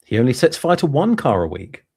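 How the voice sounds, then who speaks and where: A man with a husky voice drops quick side remarks into a casual chat, talking fast. His pitch is lively, and the sound is dry and close. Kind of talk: casual livestream banter.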